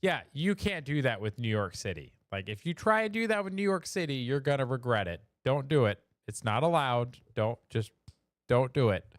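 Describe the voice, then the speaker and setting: A man's voice: medium pitch, expressive, normal speed, dry recording, clean studio sound, natural voice. A man putting on a stern older male official who bluntly scolds and warns. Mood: scolding.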